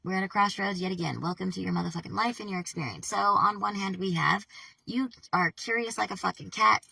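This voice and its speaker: A woman vlogger talking casually to camera, swearing heavily in an animated, worked-up way. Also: mid-range voice, brisk, creaky, slightly rough, no room sound, far from the mic, poor audio. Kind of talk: casual vlog monologue.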